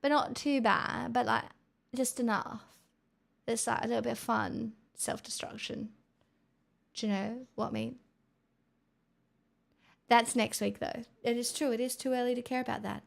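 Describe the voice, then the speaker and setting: An Australian woman streamer in casual livestream chat, rambling and playful, drifting into soft murmurs. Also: a little high, steady tone, normal speed, vocal fry, pauses often.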